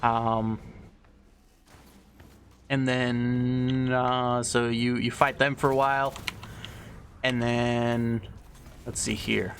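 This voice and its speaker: A young man talks through a long story in a loose, offhand ramble, stumbling over words and dropping swear words as he goes. His voice sits at an ordinary middle pitch. A faint hiss of noise lingers in the background. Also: little pitch movement, very slow, pauses often, a bit bright. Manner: loose, irreverent, swears freely, many fillers. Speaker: video host. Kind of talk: casual rambling explanation.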